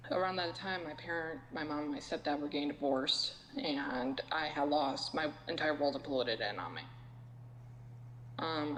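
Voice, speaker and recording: A young adult woman, a podcast guest, telling a personal story slowly and candidly, with soft laughs. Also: low voice, in a large hall, slight background noise, low-quality recording. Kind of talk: casual podcast chat.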